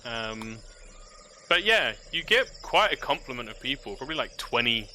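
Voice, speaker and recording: Male game master, very bright timbre, laid-back narration. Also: medium pitch, very animated, normal speed, a little hiss or hum.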